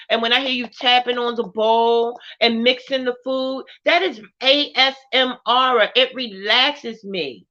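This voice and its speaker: A tearful woman speaks to her stream audience in an unhurried, earnest way and keeps checking in with "right?". Her voice sits high and bright. The sound is dull and lo-fi, like a phone or webcam stream. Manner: heartfelt, repeating "right?" and names. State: tearful, crying. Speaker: vlogger on a live stream. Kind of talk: casual live-stream talk to viewers.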